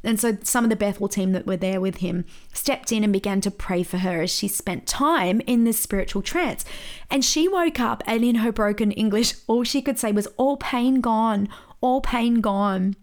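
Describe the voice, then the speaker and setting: Lively storytelling woman pastor. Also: mid-range voice, normal speed. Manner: lively storyteller, laughs at her own story. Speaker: pastor and podcast host. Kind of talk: podcast teaching with storytelling.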